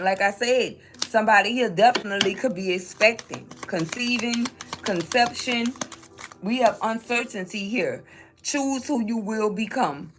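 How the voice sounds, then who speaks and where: A woman reading tarot cards for her viewers, pressing her points by saying them twice. She checks in with "okay?" again and again while she hunts through her decks. Faint music plays under her voice. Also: a little high. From New Orleans, Louisiana. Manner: emphatic, repeats lines, frequent "okay?" check-ins. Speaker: tarot reader.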